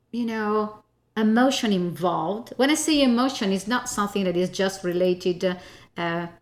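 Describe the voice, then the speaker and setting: Woman voice coach, unhurried, emphatic teaching delivery, keeps checking in with listeners. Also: medium pitch. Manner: emphatic, often tags "okay?" and repeats key points. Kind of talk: spoken voice lesson.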